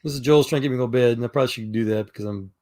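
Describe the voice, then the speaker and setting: A man's voice: mid-range voice, racing, a little mellow. A middle-aged man from Texas telling rambling stories in a casual chat, with many fillers and restarts. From Texas, USA. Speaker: chat room participant.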